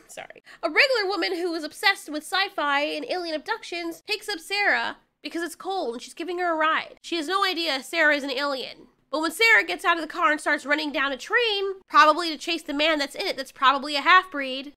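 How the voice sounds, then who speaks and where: A woman's voice: very high-pitched, sharp tone. A woman casually narrating a movie recap, chatty and sarcastic, with joking asides.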